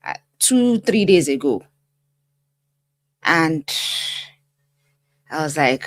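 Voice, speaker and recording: A middle-aged woman speaks as a life coach to her viewers, slow and deliberate, her pitch rising and falling widely. She talks in an emphatic, direct way. The sound is close and dry, with no room echo. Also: sing-song. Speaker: life coach and channel host. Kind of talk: casual commentary to camera.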